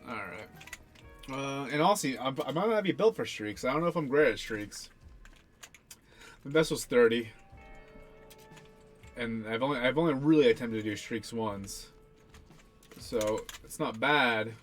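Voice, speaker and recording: A man's voice: medium pitch, expressive, a little slow, pauses often, soft background music. Rambling young man commenting on his gameplay. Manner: rambling, self-deprecating, swears casually. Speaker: gaming channel host.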